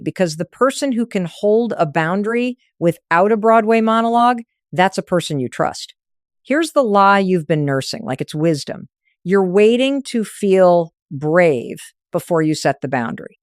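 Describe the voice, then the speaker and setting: A woman's voice: mid-range voice, dry recording, clean studio sound. A woman narrating a scripted motivational talk, coaching firmly in short, punchy phrases.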